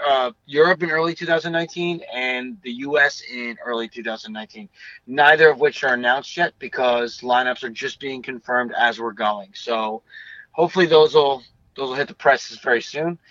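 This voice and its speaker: A man's voice: medium pitch, fairly bright tone, no echo, muffled recording. A young man chatting casually as an interview guest, rambling and swearing freely. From United States. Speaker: guest bassist.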